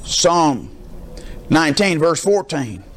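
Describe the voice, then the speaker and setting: Man, pastor, sermon, emphatic, call-and-response, slightly high voice, faint background hiss. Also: sing-song, slow. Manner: emphatic, asks the congregation call-and-response questions.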